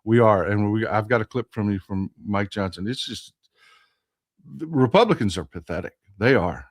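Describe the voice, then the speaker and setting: A man's voice: fairly low pitch, normal speed. A man with a Texan accent hosting a political livestream, emphatic and repeating phrases for stress while reading viewer comments aloud and answering them. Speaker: livestream host.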